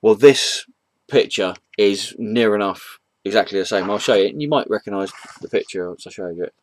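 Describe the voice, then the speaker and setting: A man's voice: fairly low pitch, moderate pace. A man casually retelling a comic book's story for a review, hesitant and rambling, with many ums and chuckles at the jokes.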